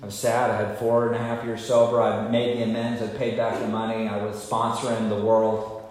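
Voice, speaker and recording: A man's voice: lowish voice, flat delivery, fairly quick, a little mellow. A man speaking candidly at a recovery meeting, telling his own story in a confessional, self-mocking way. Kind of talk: personal recovery story talk. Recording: echoey hall with faint noise.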